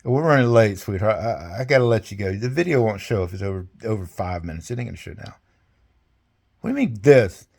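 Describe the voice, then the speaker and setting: A man's voice: fairly low pitch, animated, fast talker, creaky, darkish tone. An older man recounting his service in a rambling, folksy way, speaking casually over a video call. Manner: rambling, folksy, salty, chuckling. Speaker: veteran interviewee. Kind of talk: casual storytelling interview.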